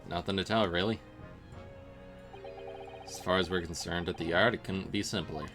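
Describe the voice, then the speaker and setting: A man's voice: low-pitched, steady tone, natural voice. A man voicing a blunt, weary male police inspector with a put-on, vaguely Southern drawl. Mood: matter-of-fact. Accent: vaguely American Southern drawl, put on. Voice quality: slow drawl. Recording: game music playing behind.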